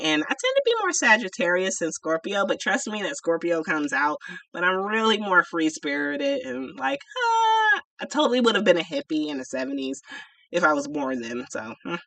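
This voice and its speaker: A woman's voice: fairly low pitch, bright, forceful tone, no echo. A woman hosting a casual livestream Q&A and answering viewer questions. She chats loosely, with lots of fillers and restarts, and laughs often. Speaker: livestream host and spiritual shop owner. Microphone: computer microphone. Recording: voice a bit far from the mic.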